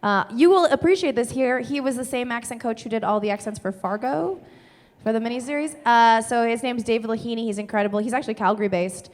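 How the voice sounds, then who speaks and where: A Canadian woman comedian answering audience questions in a cartoonish transatlantic accent, breathy and low in the mouth, from the chest, explaining with lots of filler words. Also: quick pace. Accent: cartoonish transatlantic stage accent. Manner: animated explaining, many filler "like"s. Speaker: comedian in character. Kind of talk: stage Q&A with audience. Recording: reverberant theater hall.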